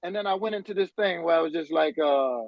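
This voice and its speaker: A man's voice: a little high, quick pace, muffled recording, a little hiss or hum. A man, a podcast guest and musician, telling stories casually with slang and bursts of laughter. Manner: animated, laughing storyteller with slang. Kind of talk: casual storytelling.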